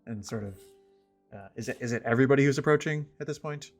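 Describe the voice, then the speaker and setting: A man narrating a tabletop game as game master, easygoing and halting, with frequent laughs. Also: mid-range voice, faint music behind.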